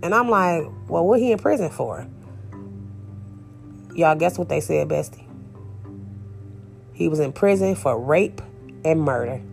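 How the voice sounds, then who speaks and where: A woman's voice: low voice, animated, measured pace, gravelly, pauses often, faint music behind. A woman telling a personal story in a casual, candid, emphatic way, speaking straight to her viewers.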